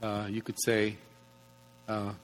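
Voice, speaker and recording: A man's voice: on the low side, monotone, slow pace. Plainspoken male guest with a reverberant sound. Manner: plainspoken, with slightly nonstandard grammar. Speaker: guest speaker on evangelism. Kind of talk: conversational advice. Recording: reverberant room.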